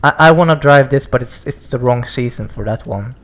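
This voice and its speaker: A young man, giving excitable let's play commentary, exclaiming, swearing and rambling. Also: mid-range voice, brisk. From Sweden. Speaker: gaming YouTuber. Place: home gaming setup, no face cam. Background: racing game music and engine sounds.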